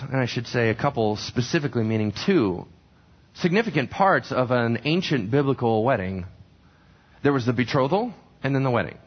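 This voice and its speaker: A man's voice: mid-range voice, husky. Guy pastor giving a chatty sermon, voice jumps all over, kinda muffled lo-fi sound. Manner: conversational, asks the congregation questions. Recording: dull lo-fi recording.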